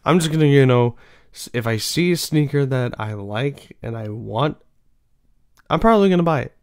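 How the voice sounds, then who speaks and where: A man's voice: mid-range voice, lively intonation, moderate pace, a little mellow. A young man hosting his own show, chatting casually in a rambling way with lots of fillers and restarts. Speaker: show host. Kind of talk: casual solo chat.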